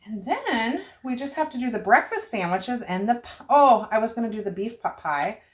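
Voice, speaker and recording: A woman's voice: fairly high pitch, sing-song, moderate pace. An older woman, chatting casually and rambling as she cooks in her home kitchen. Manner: chatty, rambling, frequent self-corrections and laughs. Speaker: homestead cooking vlogger. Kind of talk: casual cook-along chat to camera.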